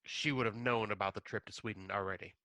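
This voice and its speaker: Easygoing male co-host; bright, forceful tone, dry recording. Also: fairly low pitch, fairly even intonation, fast, no echo. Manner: agreeable, hedging, acts out dialogue in a raised voice. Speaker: podcast co-host. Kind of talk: casual chat.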